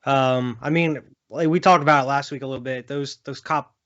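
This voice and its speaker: A man's voice: mid-range voice, fairly even intonation, brisk, a bit bright, highs cut off. A young man co-hosting a sports podcast, talking loosely with lots of fillers and laughs. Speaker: podcast co-host. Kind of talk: casual sports chat.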